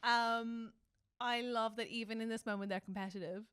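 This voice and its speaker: Animated woman podcast co-host, dry sound. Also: fairly high pitch, moderate pace, clean tone, dry recording. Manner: animated, swings between loud excitement and soft mock-tender quoting. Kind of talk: casual chat recapping a TV show.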